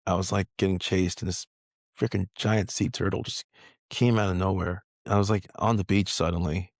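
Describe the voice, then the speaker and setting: A man co-hosting a casual spiritual podcast, telling a story in a relaxed, easygoing way. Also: deep voice, moderate pace, no echo, studio quality. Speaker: podcast co-host.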